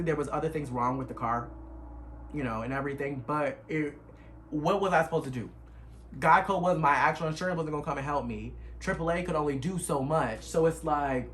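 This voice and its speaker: Young male vlogger, mid-pitched, animated emotional storyteller, faint noise behind. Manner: animated, emotional retelling with dialect. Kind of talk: casual storytime.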